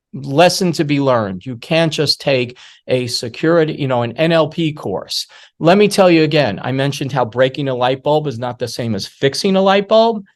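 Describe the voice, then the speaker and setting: A man giving a masterclass on security awareness, telling anecdotes in an emphatic way with frequent asides. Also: mid-range voice. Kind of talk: masterclass storytelling lecture.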